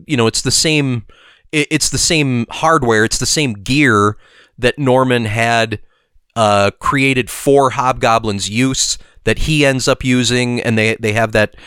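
A man's voice: medium pitch, a little slow, a bit bright, clear, resonant tone, no echo, clean studio sound. A man co-hosting a podcast, chatting casually about a cartoon episode with frequent restarts and affirming noises. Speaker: podcast co-host. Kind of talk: casual chat.

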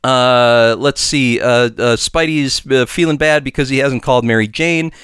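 A man co-hosting a podcast, chatting casually and rushing through a plot recap with lots of halting restarts. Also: medium pitch, a bit bright, smooth, no room sound, studio quality. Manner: halting, many restarts and fillers while racing the clock. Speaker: podcast co-host.

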